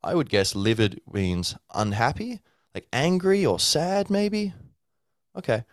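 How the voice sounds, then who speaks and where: In a casual teaching monologue, a male podcast host with a mid-range voice speaks at a measured, sing-song pace. He rambles, restarts often and leans on fillers, acting out a learner's inner thoughts. The audio is studio quality with no echo.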